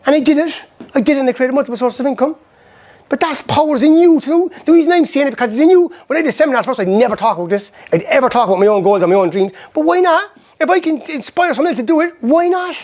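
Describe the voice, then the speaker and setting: A middle-aged Irish man giving a motivational seminar talk, telling personal stories in an animated way and acting out old conversations. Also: extremely high pitch. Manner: rapid, animated storytelling that acts out past conversations.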